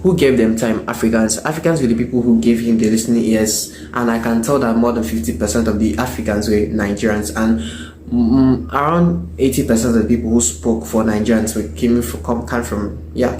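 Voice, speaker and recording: A man giving a measured opinion monologue, pausing on fillers and correcting himself as he goes. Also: medium pitch. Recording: echoey and noisy recording.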